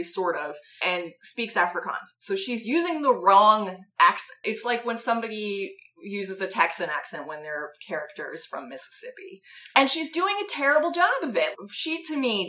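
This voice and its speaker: A woman co-hosting a podcast, reviewing a movie in casual, animated and sarcastic chat, laughing often. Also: mid-range voice. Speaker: podcast co-host.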